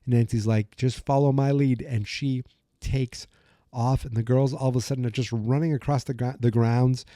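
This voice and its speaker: A man's voice: medium pitch, steady tone, moderate pace, warm tone, no room sound, studio quality. A man hosting a podcast, chatting casually through an episode recap, with lots of "you know" and "like", and acting out the characters' lines as he goes. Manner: acts out character lines while retelling. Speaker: podcast host.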